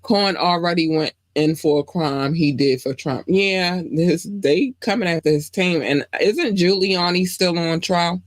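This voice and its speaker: A woman's voice: fairly low pitch, measured pace, hardly any pauses, dry recording. Woman host reading news casually, full of asides and questions; dry, close recording. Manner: chatty, reads news aloud with frequent asides and questions. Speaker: podcast host.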